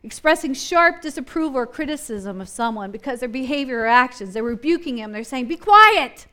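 A woman's voice: on the high side, fairly quick. A woman teaching a Bible study in a conversational way, wondering aloud and acting out the scenes she describes. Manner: animated, acts out scenes and voices from the story; thinks aloud with restarts and questions.

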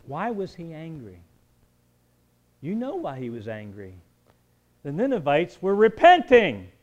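A man's voice: on the high side, wildly swooping pitch, measured pace, lo-fi sound. Man preaching a conversational sermon. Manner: conversational, joking asides, swings between quiet and emphatic. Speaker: pastor.

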